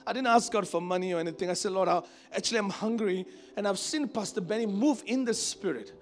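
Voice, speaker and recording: A man from Asia preaching a sermon to a congregation, telling a personal story in an animated, conversational way. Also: sits high, fast talker. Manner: animated, conversational, acts out quoted voices. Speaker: pastor. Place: church service before a congregation.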